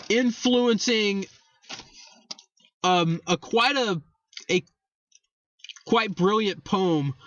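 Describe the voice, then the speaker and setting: A man's voice: high-pitched, fairly bright tone, dull audio. A young man hosting a casual history talk, rambling, correcting himself and swearing for emphasis. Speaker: host.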